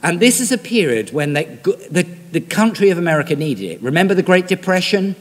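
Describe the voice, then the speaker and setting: A man's voice: high-pitched, very animated, brisk. A man preaching a sermon, talking conversationally and putting direct questions to his congregation. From Britain. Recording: reverberant hall.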